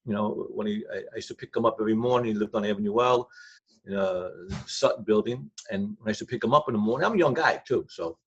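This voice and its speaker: Gravelly older man spinning rambling stories. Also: lowish voice, quick pace. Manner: rambling, repetitive, blunt street grammar. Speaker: former crime crew associate, guest. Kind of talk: casual anecdotal storytelling. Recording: dull lo-fi sound.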